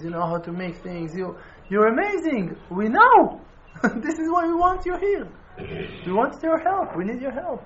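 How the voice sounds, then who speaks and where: A community speaker makes an impassioned appeal in a high voice, pleading and repeating himself. He swells into loud urging, then sinks to soft, almost tearful tones. The audio is dull and lo-fi, with faint background noise.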